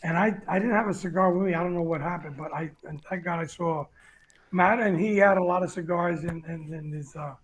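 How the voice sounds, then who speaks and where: A man's voice: high voice, brisk, a little hiss or hum, poor audio. A man speaking as a guest on a talk show, rambling with many fillers and restarts. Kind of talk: casual chat.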